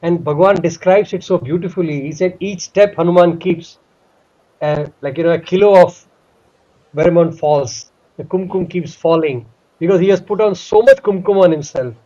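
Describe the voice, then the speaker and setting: A high-pitched man tells a devotional tale with heartfelt animation, leaning on fillers as he goes. The recording is dull and lo-fi. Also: moderate pace, dark tone. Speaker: storyteller. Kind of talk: devotional storytelling talk.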